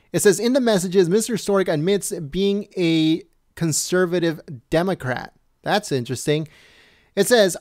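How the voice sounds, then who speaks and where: Slow-reading man commenting on news. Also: high-pitched, no room sound, clean studio sound. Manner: reads slowly, stumbles and corrects himself, asks viewers questions. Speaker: political commentary host.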